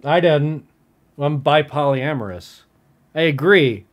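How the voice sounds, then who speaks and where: A man's voice: a little high, takes it slowly. A stoned man vlogging live, reacting to a video in an irritated, rambling, profane rant.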